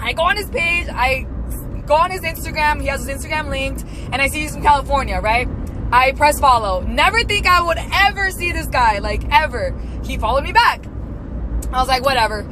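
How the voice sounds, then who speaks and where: A brash woman gushes through a story to her camera, swearing freely. Her voice is high. Loud traffic noise runs behind her. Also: animated, brisk. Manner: brash, profane, gushing. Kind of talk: story time vlog. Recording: noisy traffic in the background.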